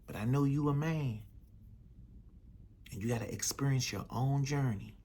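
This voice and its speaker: A man voicing a worried, protective mother who speaks in a soft, half-whispered plea. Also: mid-range voice, normal speed, creaky, a little hiss or hum, close to an everyday voice. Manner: hushed, half-whispered pleading.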